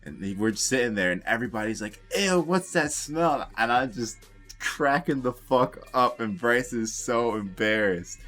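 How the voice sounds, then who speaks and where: Low-voiced young man telling a rambling story. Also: moderate pace, a bit bright, soft background music. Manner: rambling, profane, laughs through the story. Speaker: storytime vlogger. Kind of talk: casual storytelling.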